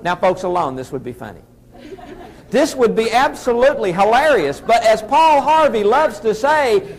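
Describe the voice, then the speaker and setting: A man's voice: very high-pitched, sing-song, normal speed. A middle-aged man with a Southern American accent, telling a folksy story as a motivational speaker addressing an audience. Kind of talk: storytelling keynote speech.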